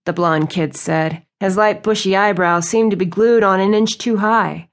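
A woman reading a romance novel aloud as an audiobook narrator. Her storytelling is smooth and even. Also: mid-range voice, normal speed. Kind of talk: scripted narration.

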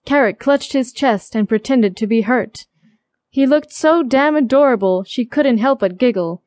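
A woman narrating a romance audiobook with steady, even storytelling. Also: on the high side, measured pace, dry recording, studio quality. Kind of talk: scripted narration.

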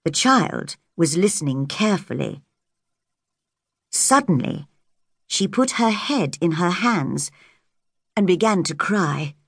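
A woman narrating a simplified storybook audiobook for English learners, clear and measured. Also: lowish voice, expressive, no echo, clean studio sound. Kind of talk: graded-reader storybook narration.

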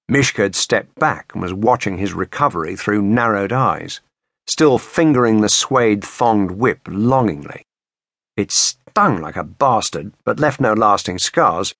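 A man narrating a thriller audiobook in a measured, expressive way. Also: lowish voice, dry recording, studio quality. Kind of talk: scripted narration.

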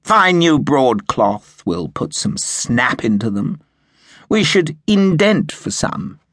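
A man's voice: mid-range voice, sing-song, slow pace, fairly bright tone, no echo, studio quality, pitched above the performer's own voice, heavily acted. A man voicing an eager, pompous young army lieutenant who yaps with enthusiasm. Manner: yapping enthusiasm.

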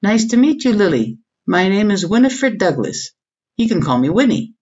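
A woman voicing an eager young American woman photographer, a little higher than her narration. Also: sing-song, moderate pace, a little mellow, breathy edge, dull audio.

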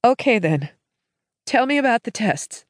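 A woman voicing a grieving woman who is steadying her shaken brother, speaking in a gently firm, urging way in an audiobook. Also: fairly high pitch, big pitch swings, measured pace, no echo, studio quality, voice pushed up. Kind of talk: audiobook character voice.

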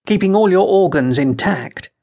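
A man's voice: high voice, lively intonation, normal speed, mellow. A man voicing a fervent conspirator sorcerer who speaks urgently and proclaims. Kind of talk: audiobook character reading.

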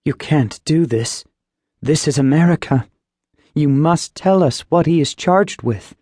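A man's voice: fairly high pitch, unhurried, a little mellow, breathy edge, no echo, clean studio sound, pitched above the performer's own voice. A male audiobook narrator voicing an earnest, insistent middle-aged mother. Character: woman, middle-aged mother, firm and pleading. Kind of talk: audiobook character voice.

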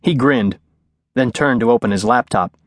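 A man narrates a thriller in a steady, measured voice of middle pitch. His delivery is clear and composed, and the studio recording is dry and close, with no room echo. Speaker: audiobook narrator. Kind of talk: scripted narration. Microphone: studio microphone.

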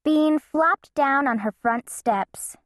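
A woman narrating a children's storybook in an expressive, playful way. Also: high-pitched, slow, no room sound, clean studio sound. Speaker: audiobook narrator.

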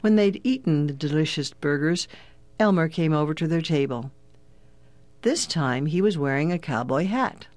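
A children's audiobook narrator with an even, clear storytelling delivery. The voice sits mid-range in pitch and is recorded close and dry, with no room sound around it. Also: normal speed, dry recording.

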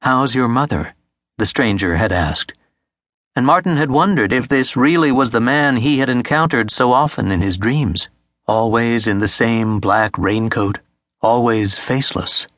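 Measured male audiobook narrator, dry sound. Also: mid-range voice, a bit bright, no room sound.

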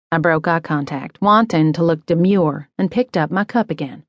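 A woman narrating a first-person audiobook story in a measured, inward way. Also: sits low, no echo, studio quality.

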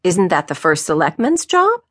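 A calm middle-aged woman sleuth teases her friend with wry amusement, as a woman narrator gives her voice. She sounds steady and dry, sitting a little low. The recording is close and free of echo. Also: normal speed, heavily acted. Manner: wry and teasing.

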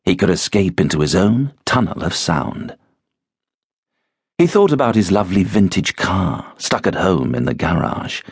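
A man narrating an audiobook in an expressive, measured storytelling manner. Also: low-pitched, breathy edge, no room sound, clean studio sound. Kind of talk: scripted narration.

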